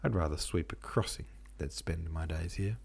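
A man's voice: rumbling low, normal speed, creaky, darkish tone, husky, full character voice. A man voicing a restless young clerk who speaks bluntly. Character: young male articled clerk, restless and defiant.

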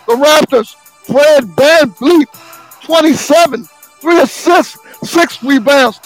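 A man, the show's sports segment host, reading basketball scores and stats in a slow, sing-song way with sudden shouted bursts. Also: very high-pitched, no echo, faint music behind, rough recording.

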